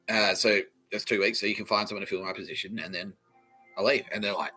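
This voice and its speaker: A man's voice: lowish voice, moderate pace, sharp tone, soft background music, low-quality recording. Sweary rambling man. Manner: rambling, sweary, laughs at own jokes. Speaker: podcast host. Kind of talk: comedic storytelling monologue.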